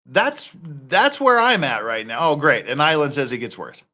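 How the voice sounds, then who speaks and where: A man with a slightly high voice speaks at an ordinary pace, hosting a reaction commentary. He rants heatedly and animatedly, swearing often.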